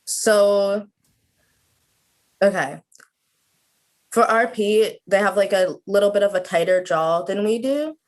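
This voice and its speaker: A woman's voice: mid-range voice, takes it slowly, pauses often. A woman of about twenty, a student guest on a video call, chatting casually with lots of "like" fillers. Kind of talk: casual interview chat.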